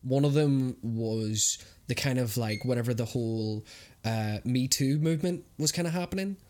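A man with a mid-pitched voice chats on a relaxed podcast. He tells lively stories and swears often. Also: normal speed, a little hiss or hum. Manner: animated storyteller, swears a lot. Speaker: podcast co-host and streamer. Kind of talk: casual podcast chat.

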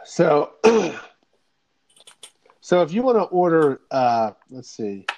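Male host, casual chat, upbeat quizzing manner; slightly high voice with a lot of pitch movement. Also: very animated, takes it slowly, darkish tone, muffled recording.

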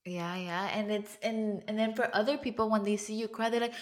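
A woman hosts a podcast in casual conversation, speaking briskly in a mid-range voice with fairly even intonation. She comes across as chatty and warm-hearted, and she mixes Spanish words into her speech.

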